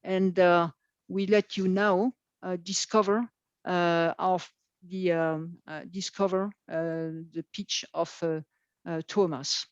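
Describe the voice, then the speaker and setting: A woman moderating an online event, speaking haltingly with many filler sounds. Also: fairly low pitch, fairly even intonation, clean tone, no echo. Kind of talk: hesitant live announcements. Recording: dull lo-fi video call audio.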